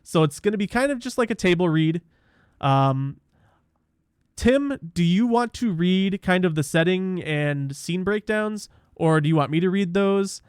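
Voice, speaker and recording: A man's voice: sits high, animated, unhurried, darkish tone, clean tone, no room sound, studio quality. Rambling, talkative male podcast host. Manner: rambling, self-interrupting, laughs easily. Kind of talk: casual chat and script narration.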